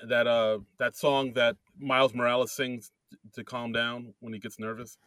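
A man co-hosting a casual podcast, chatty and quick to laugh, with many hesitant fillers. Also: medium pitch, flat delivery, a bit bright, clear, resonant tone, dry recording. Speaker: podcast co-host. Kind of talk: casual chat.

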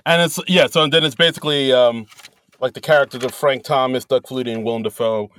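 A man co-hosting a podcast, talking haltingly about comedy sketches with many fillers and chuckles. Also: mid-range voice, fairly even intonation, fairly bright tone, smooth. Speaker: podcast co-host. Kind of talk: casual chat reviewing comedy sketches.

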